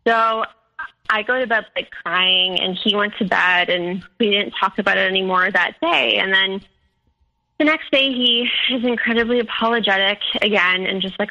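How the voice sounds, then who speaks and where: Young woman guest, gravelly and bright, halting delivery full of fillers. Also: medium pitch, rough recording. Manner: halting, many fillers and restarts. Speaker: guest sharing her story. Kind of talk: personal storytelling.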